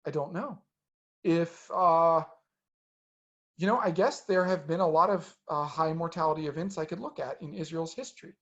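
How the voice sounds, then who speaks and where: A man's voice: on the high side, moderate pace, a bit bright, dull audio. A man answering audience questions in a webinar, hesitant, with many ums and restarts.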